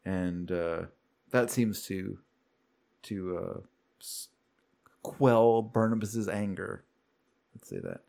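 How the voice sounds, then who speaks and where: Deep and gravelly, this man's voice moves at a slow pace with long pauses as he casually recaps a show on a podcast he co-hosts. He tells the plot with lively flair, acting out the characters' lines as he goes.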